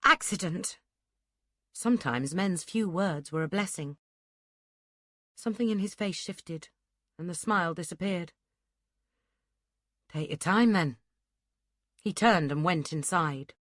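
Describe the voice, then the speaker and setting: A woman narrating a historical romance audiobook in a steady, measured storytelling manner. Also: on the low side, no echo, studio quality. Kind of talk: scripted narration.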